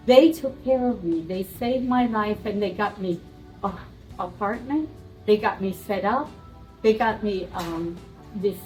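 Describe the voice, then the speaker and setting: A woman's voice: fairly high pitch, rough recording. An older woman, a nun, casually telling a story and acting out the lines of the people in it. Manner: animated retelling with quoted dialogue. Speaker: nun and volunteer.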